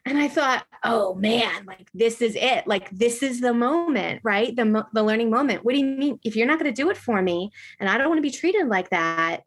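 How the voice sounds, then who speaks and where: A woman in casual conversation who tells stories in an animated way, full of fillers and tag questions. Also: a little high, normal speed, few pauses, slightly rough.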